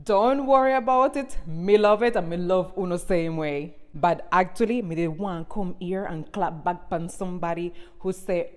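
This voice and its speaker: A woman in her forties from Cuba, speaking Jamaican patois with a rolling Cuban accent, talking to camera in an expressive, animated rant. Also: lowish voice, moderate pace, hardly any pauses. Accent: Cuban Spanish mixed with Jamaican patois. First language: Spanish. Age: 40s. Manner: expressive, swings between loud and quiet. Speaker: TikTok creator.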